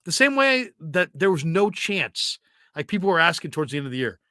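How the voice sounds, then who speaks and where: A male sports talk host with a bright, fairly high voice, talking casually and in an animated way, often breaking off and restarting his sentences. The sound is dry and close. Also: normal speed, dry recording. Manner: animated, self-interrupting storyteller.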